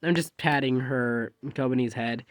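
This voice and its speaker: A man's voice: mid-range voice, moderate pace. A man casually telling a rambling fan story, jumping animatedly into quoted dialogue.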